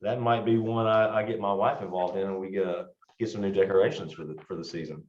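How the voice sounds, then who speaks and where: A man's voice: low-pitched, fairly even intonation, quick pace. A man in his thirties hosting an interview, friendly and hesitant with fillers. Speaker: interview host. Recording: dull echoey room sound.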